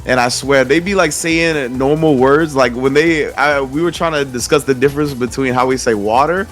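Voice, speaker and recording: A man's voice: mid-range voice, normal speed, faint music behind. An American man giving casual play-by-play and banter for a fighting game tournament. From United States. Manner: laid-back, laughing play-by-play. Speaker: esports commentator. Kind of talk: casual esports commentary.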